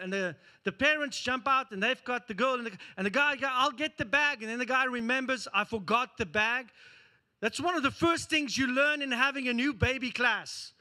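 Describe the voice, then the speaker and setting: A man preaching a sermon as pastor, telling a story with lively acted-out scenes. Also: very high-pitched. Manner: animated storytelling, acting out scenes.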